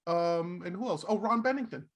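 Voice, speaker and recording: A middle-aged man co-hosting a podcast, telling stories in a casual, animated way and laughing often. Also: high-pitched, normal speed. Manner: animated, laughing, acts out quotes. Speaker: podcast co-host. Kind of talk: casual storytelling chat.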